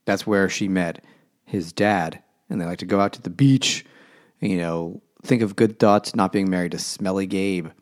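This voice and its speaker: A man's voice: sits low, moderate pace. A man co-hosting a casual book podcast, retelling a plot with sarcastic, rambling jokes. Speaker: podcast co-host. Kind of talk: casual book-discussion banter.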